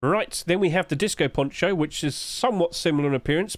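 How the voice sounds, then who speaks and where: A man's voice: a little high, fast, no echo. A young man hosting a casual video, chatting as he reviews items and asking viewers questions. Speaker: host reviewing game skins.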